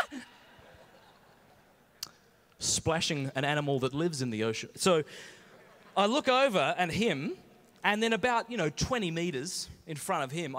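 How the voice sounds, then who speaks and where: An Australian man tells funny stories from a stage, animated and full of slang. His fairly high voice jumps around a lot. A long reverb from a large conference hall trails every line. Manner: animated, jokey, uses Aussie slang. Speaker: conference speaker. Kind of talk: humorous storytelling talk.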